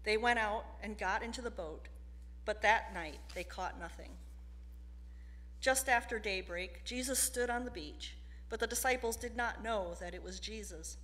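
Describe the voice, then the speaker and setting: A woman serving as lay reader, reading the gospel aloud in a steady, formal way during a church service. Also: mid-range voice, normal speed. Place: church sanctuary. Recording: long reverb of a church sanctuary.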